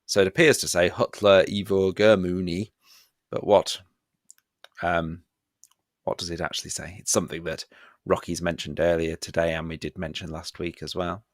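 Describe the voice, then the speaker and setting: A man with a very low voice leads a live online revision quiz for students. He is playful and pokes fun at himself, and his voice sounds dry and close. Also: fairly even intonation, moderate pace, no echo. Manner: playful and self-mocking, chuckles often. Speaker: history teacher.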